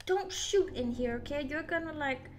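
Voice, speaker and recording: Her voice is high and her pace is normal as she streams a game live. She keeps up relaxed chatter with her audience, laughs a lot, and lets out swears when she gets spooked.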